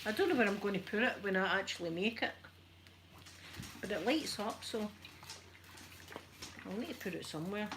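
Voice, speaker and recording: A Scottish woman making a casual, soft-spoken ASMR chat video at home while ironing, rambling and poking fun at herself. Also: medium pitch, lively intonation, moderate pace, long pauses, background noise. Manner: chatty, rambling, self-deprecating. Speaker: ASMR YouTuber.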